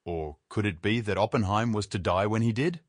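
A man reading a literary essay aloud in a measured, wry way. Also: lowish voice, no echo, clean studio sound. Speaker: essay reader.

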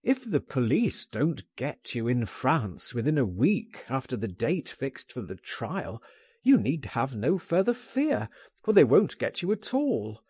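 A man voicing an urgent, impatient friend pleading and insisting, raised and animated in a storybook reading. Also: medium pitch, measured pace, husky, dry recording, clean studio sound.

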